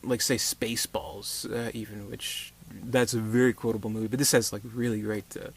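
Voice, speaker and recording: A man's voice: fairly low pitch, flat delivery, moderate pace, slightly rough. A man giving a casual movie review, rambling with many fillers and restarts.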